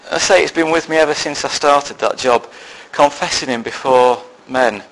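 A man's voice: fairly high pitch, moderate pace, fairly bright tone, rough recording. A man preaching a sermon, telling a personal story with self-deprecating, dry humour before turning to a serious point. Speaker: lay preacher.

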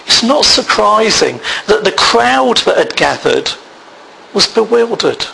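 A man preaching a sermon, reading scripture aloud in a measured way. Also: high voice, very animated, bright, forceful tone, a little hiss or hum, rough recording. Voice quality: gravelly.

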